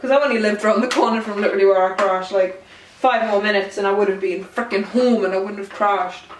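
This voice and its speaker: A woman's voice: medium pitch, fairly even intonation, fast, a little hiss or hum. A young woman telling a rambling, self-mocking storytime to camera at home. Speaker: vlogger. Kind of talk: casual storytime chat to camera. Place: room at home. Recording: roomy sound from a far mic.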